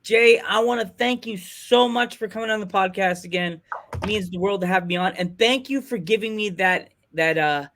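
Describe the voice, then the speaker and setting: A man hosting a podcast, telling rambling, excitable stories in casual chat. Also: high-pitched, moderate pace, a little hiss or hum. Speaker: podcast host.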